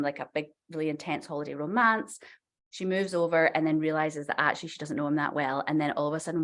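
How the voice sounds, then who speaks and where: Chatty woman novelist telling a story. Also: deep voice. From Scotland. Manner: chatty, animated, many fillers. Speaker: novelist guest. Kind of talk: casual podcast storytelling.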